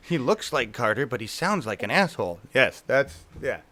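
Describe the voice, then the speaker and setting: A man's voice: mid-range voice, big pitch swings, unhurried, long pauses, sharp tone. A man co-hosting a casual political talk show, profane and mocking, often acting out the people he talks about. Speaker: co-host.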